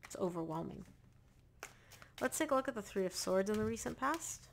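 Woman, tarot reader, emphatic, repeats herself, gravelly fry in her voice. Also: medium pitch, expressive, moderate pace, slight background noise. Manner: emphatic, repeats phrases, addresses the viewer directly. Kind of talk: casual spoken tarot reading.

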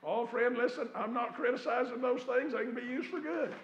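A man preaching in a church, his voice pitched high and roughened by a gravelly fry. He tells his stories in a folksy way and builds them into fervent peaks. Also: brisk, muffled recording, a little hiss or hum. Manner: folksy storytelling, rising to fervent shouts. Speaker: pastor. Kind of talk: sermon. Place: church sanctuary.

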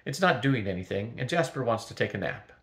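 A man's voice: mid-range voice, animated, brisk, vocal fry, a bit bright. An older man reading aloud as a proud, aloof she-cat from a storybook, her lines lifted a little above his normal voice. The recording has a roomy echo. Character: haughty female talking cat.

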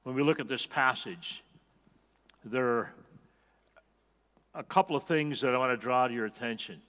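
A man's voice: medium pitch, normal speed, sharp tone, long reverb tail. A male pastor preaching a sermon, earnest and emphatic, repeating key phrases for weight. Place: church sanctuary.

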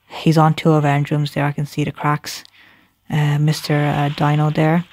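A man commentating a video game live, his voice gravelly with fry. He speaks in a fairly flat, even tone while thinking aloud and correcting himself as he plays. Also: on the high side, moderate pace, no room sound, faint music behind. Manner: thinks aloud, self-correcting, addresses viewers as guys. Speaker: gameplay commentator.

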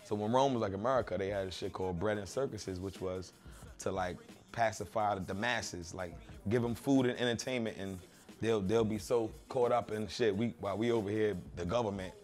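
A man's voice: lowish voice, brisk, a little mellow, faint music behind. A man being interviewed, telling stories in a blunt, profane, streetwise way. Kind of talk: casual interview talk.

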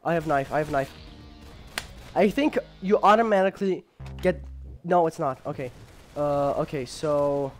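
A young man casually commenting on his gameplay, rambling with lots of fillers and jokes, and sometimes yelling when excited. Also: on the high side, unhurried, soft background music. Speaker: gamer.

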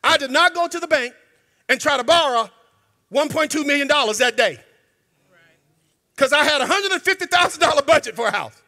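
Preacher guy going off in church, really high sharp voice, shouts here and there, big echo trailing off. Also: lively intonation, a little fast, pauses often. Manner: emphatic, colloquial, breaks into shouts. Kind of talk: sermon. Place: church sanctuary. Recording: long hall reverb.

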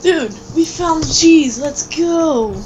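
A woman's voice: very high-pitched, slow pace, muffled recording, crowd noise. A young woman chatting while playing a video game, teasing and giggly, and she has the hiccups. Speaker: gamer. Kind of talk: casual gameplay chat. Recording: faint background noise.

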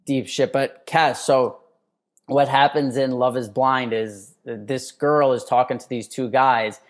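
A man co-hosting a podcast, telling stories in a loose, animated way, full of "like" and restarts. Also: mid-range voice, measured pace. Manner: animated storyteller, heavy use of "like". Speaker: podcast co-host. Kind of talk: casual podcast chat.

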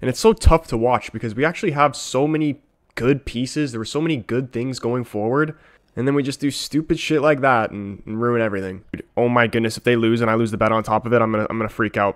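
A man reacting to a football match as it plays, talking straight to his viewers. He is a fan who rants with raw emotion. His voice sits at an ordinary male pitch. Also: fast.

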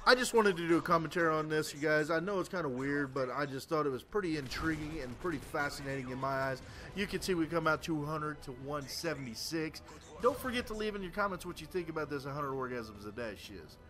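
A man's voice: fairly high pitch, lively intonation, a little fast, music in the background. A tired man doing casual game commentary, rambling crudely and stammering through restarts. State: tired late at night. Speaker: gameplay commentator.

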